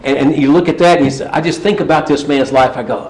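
A man's voice: fairly high pitch, fast talker, few pauses, darkish tone. Middle-aged man preaching in a roomy hall. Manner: conversational storytelling preaching with frequent restarts. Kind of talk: sermon.

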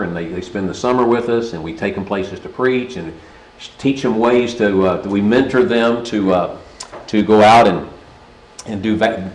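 A man's voice: lowish voice, roomy sound, low-quality recording. A middle-aged man preaching a sermon in a conversational storytelling way, often restarting his sentences.

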